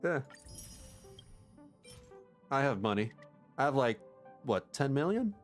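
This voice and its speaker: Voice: mid-range voice, very animated, slow, faint music behind. A game streamer reacting casually and animatedly to a story game, often laughing. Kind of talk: livestream gameplay commentary.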